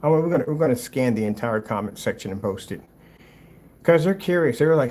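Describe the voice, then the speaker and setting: A man reacting to a rival's screen paint video with mocking, exasperated commentary, swinging between loud outbursts and low muttering. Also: animated, brisk.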